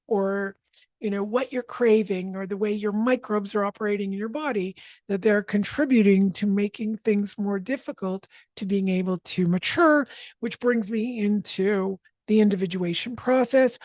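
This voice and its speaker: Calm woman energy healer, dry close sound. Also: mid-range voice, dry recording. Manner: explanatory, self-correcting, calm. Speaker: energy healer leading a group session. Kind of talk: spoken healing session.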